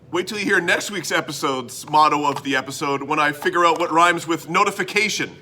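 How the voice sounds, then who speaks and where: A man rambles sarcastically through his own comedy web show, dropping to mutters and then jumping into loud bursts. His voice sits a little high and comes across bright and forceful. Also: brisk, few pauses. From Canada. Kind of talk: scripted comedic monologue to camera.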